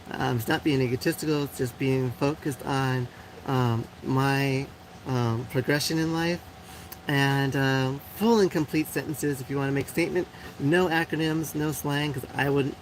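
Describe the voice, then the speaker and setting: A woman's voice: low-pitched, rough recording. Chatty blunt woman host, faint background hiss. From Puerto Rico. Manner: chatty and blunt, many fillers, frequent laughs. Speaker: live show host. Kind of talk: casual live-stream chat reading viewer comments.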